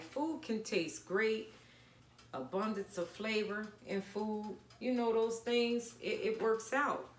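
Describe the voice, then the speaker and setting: A woman's voice: medium pitch, reverberant, a little hiss or hum. A woman casually talking viewers through a home cooking recipe, chatty and down-to-earth. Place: home kitchen.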